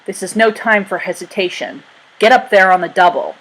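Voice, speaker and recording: A woman voicing a blustering, tyrannical male ship governor who barks orders in a raised, shouting voice. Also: medium pitch, animated, a little fast, lightly acted, rough recording. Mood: angry shouting. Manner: bellowing, barking orders.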